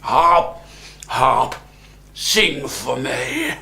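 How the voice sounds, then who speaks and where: A man voicing a huge, filthy, greedy giant with a slow booming chant. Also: very animated, gravelly, bright, forceful tone, exaggerated voice. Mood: menacing.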